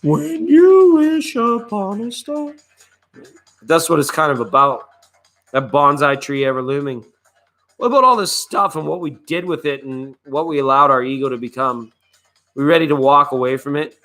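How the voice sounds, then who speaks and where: A man's voice: mid-range voice, normal speed, bright, forceful tone, soft background music. A man hosting a live online tarot reading, chatting in a laid-back, rambling way and greeting viewers by name. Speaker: tarot reader and live show host.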